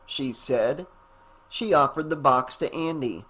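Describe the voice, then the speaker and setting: A man narrating an audiobook in a steady, even storytelling manner. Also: mid-range voice, slow pace, breathy edge. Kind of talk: scripted narration.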